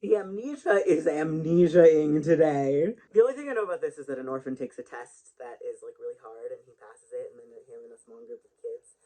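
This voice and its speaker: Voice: mid-range voice, quick pace, few pauses, warm tone, rough recording. A rambling, chatty book vlogger talking casually to camera. They wander between thoughts and laugh at their own jokes. The sound comes from a built-in camera mic.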